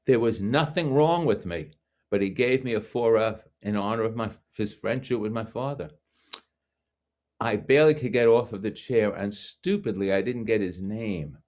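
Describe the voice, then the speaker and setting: A man in his seventies from Brooklyn, with a very deep, low voice. He is a guest speaker telling a personal story in a frank, wry way, full of self-mocking asides. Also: moderate pace, a little mellow. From Brooklyn, New York. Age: 70s.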